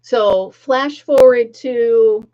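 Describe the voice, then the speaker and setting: A woman's voice: a little high, very slow, mellow. A middle-aged woman chatting casually to viewers on a livestream, telling stories and laughing often. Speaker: livestream host. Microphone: laptop mic. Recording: dull lo-fi laptop audio.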